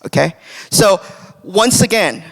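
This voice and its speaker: A man's voice: sits high, expressive, takes it slowly. A young man preaching a casual devotional sermon, talking conversationally with many fillers and frequent "right?" checks. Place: church sanctuary. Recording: long church hall reverb.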